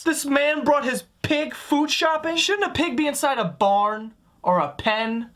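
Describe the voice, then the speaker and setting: A man's voice: very high-pitched, measured pace, hardly any pauses, a bit bright. A man doing a comedic roast voice-over, profane, sarcastic and mocking. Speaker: comedy commentator.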